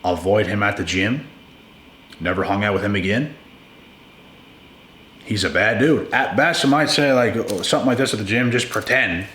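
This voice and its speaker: In an echoey room with faint ambience humming behind him, a man offers relationship advice on his channel. He speaks in a fairly low but fairly bright voice, casual and friendly toward listeners, bluntly stressing points by repeating words.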